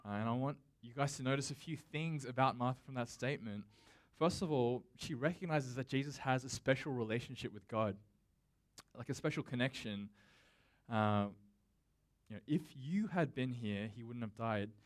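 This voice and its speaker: At normal speed, a pastor delivers a laid-back, conversational sermon straight to his congregation. His pitch is ordinary, and his style skips formal oratory in favor of casual fillers and restarts.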